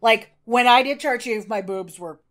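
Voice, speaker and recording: A woman with a somewhat high voice co-hosts a podcast. She chats eagerly and loosely, stacking fillers and restarting her sentences. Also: normal speed, fairly bright tone. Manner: chatty, enthusiastic, many fillers and restarts. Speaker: podcast co-host. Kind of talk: casual chat.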